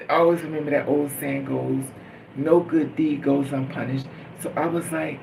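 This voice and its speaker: A man's voice: mid-range voice, little pitch movement, fairly quick, gravelly. A man talking in a casual spiritual monologue, earnest and rambling, repeating phrases like a chant. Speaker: vlogger. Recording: noisy, from a distance.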